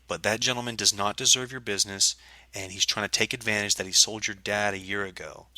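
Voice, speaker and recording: A man's voice: lowish voice, no echo. A man telling a story in a casual vlog rant, angry and profane, acting out the people he quotes. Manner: angry, profane, animated retelling. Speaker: vlogger.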